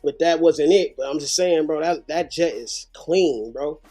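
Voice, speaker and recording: A man's voice: on the high side, a little slow, warm tone, soft background music. A man hosting a live reaction show, commenting animatedly with heavy slang and profanity. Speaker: host.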